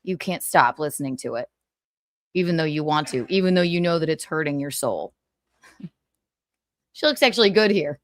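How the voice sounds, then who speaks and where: Chatty livestream woman, lively pitch. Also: normal speed, pauses often, no room sound, clean studio sound. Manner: chatty, giggly, tired asides. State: exhausted. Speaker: livestream gossip host. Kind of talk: casual chat.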